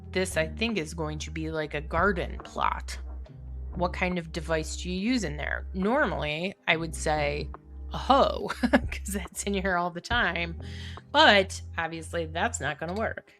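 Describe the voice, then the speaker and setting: A middle-aged woman works through a crossword aloud at an unhurried pace. She muses, questions herself and laughs easily, over faint background music. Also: lowish voice, fairly bright tone. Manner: musing, self-questioning, quick to laugh. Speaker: crossword solver. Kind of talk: thinking aloud while solving a puzzle.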